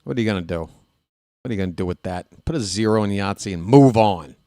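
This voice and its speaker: A man's voice: fairly low pitch, animated, a little fast, warm tone, no echo, clean studio sound. A man hosting a live stream, chatting casually and trash-talking his opponent in a playful way.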